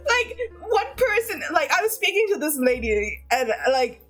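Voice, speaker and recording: A woman's voice: sits high, very animated, moderate pace, a bit bright, faint music behind. A woman streamer chatting casually with her chat, laughing often.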